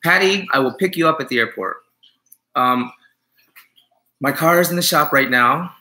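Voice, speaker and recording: A man's voice: on the high side, moderate pace, sharp tone. A man who is a dog groomer, chatting on a live stream, joking and teasing viewers as he rambles with many fillers.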